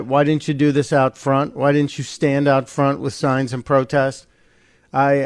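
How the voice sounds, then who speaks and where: A man hosts live talk radio in a tight, dry studio, his voice sitting a little high for a man. He narrates clips with a sarcastic bite and firm opinions, and he breaks into quick asides. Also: dry recording. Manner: animated, sarcastic, opinionated, narrating a clip as it plays. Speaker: radio talk show host.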